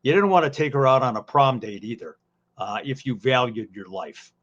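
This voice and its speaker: On a casual podcast, this co-host, once a ring announcer, animatedly trades old stories at his own leisurely pace, full of fillers and folksy asides. He speaks at a mid-range pitch through slightly dull, lo-fi audio.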